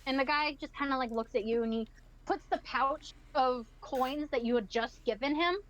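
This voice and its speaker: High-voiced woman narrating a game. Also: a bit bright, poor audio. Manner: vivid, unhurried scene narration with laughs. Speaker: game master.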